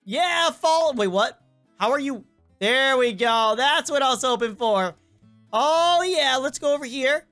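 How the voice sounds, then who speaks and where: A high-pitched woman chatters through her game commentary, excitable and quick to talk back to the characters on screen. Her voice sounds worn and cracking, with a cough coming through. Faint game music plays underneath. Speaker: gameplay commentator.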